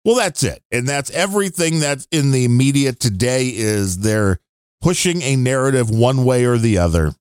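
A man's voice: mid-range voice, expressive, normal speed, a little mellow, clean tone, no room sound, studio quality. A man co-hosting a podcast, rambling and grumbling through his opinions in casual chat. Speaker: podcast co-host.

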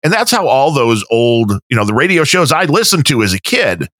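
A man co-hosting a podcast, telling stories in a measured casual chat. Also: mid-range voice, sing-song, a bit bright, no echo, studio quality. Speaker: podcast co-host.

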